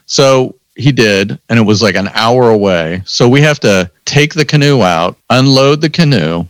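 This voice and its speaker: A man telling stories in a casual chat, animated, acting out both sides of the conversations. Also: mid-range voice, normal speed, hardly any pauses, clean tone, dry recording. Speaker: podcast host telling stories. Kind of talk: casual storytelling.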